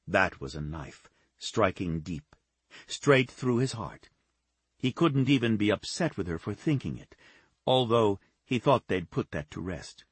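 A man narrating a romance novel in a steady, measured reading on a close studio mic. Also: fairly low pitch, slightly rough, dry recording. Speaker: audiobook narrator.

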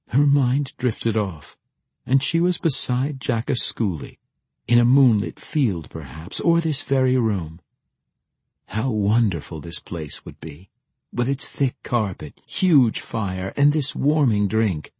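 A man narrates a novel in a measured, expressive manner, his lowish voice moving widely in pitch. The tone is husky and the sound dry and close. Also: dry recording. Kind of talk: audiobook narration.

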